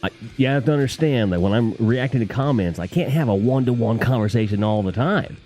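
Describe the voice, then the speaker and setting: A man's voice: mid-range voice, expressive, a little fast, darkish tone, faint music behind. A man from the Northeast US, hosting a casual live stream, reading chat comments in a rambling, profane, jokey way.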